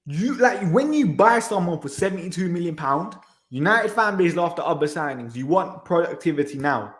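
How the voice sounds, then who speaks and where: A man's voice: high-pitched, expressive, normal speed. A man hosting a football reaction channel, ranting in exasperation with sighs and repeated phrases. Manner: exasperated, repetitive, sighing. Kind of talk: frustrated match reaction rant. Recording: echoey room.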